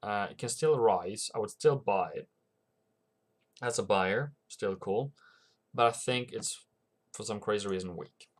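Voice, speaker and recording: Slow-talking man giving casual forex commentary. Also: fairly low pitch. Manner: rambling, reads viewer comments aloud, frequent restarts. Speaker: forex trading channel host. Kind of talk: casual livestream market commentary.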